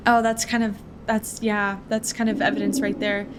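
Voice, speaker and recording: A woman's voice: mid-range voice, level tone, normal speed, few pauses, very noisy. A young woman casually commenting on a horror visual novel, chatty and full of slang. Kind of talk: let's play commentary and reading aloud.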